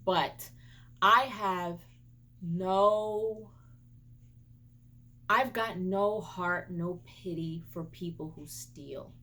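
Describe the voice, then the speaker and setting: A woman vlogger telling a personal story in an emotional, animated way, stumbling over her words and turning into an indignant scolding rant. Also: on the low side, drawn-out words, long pauses. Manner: emotional, animated retelling with repeated stumbles and restarts. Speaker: beauty and gaming vlogger.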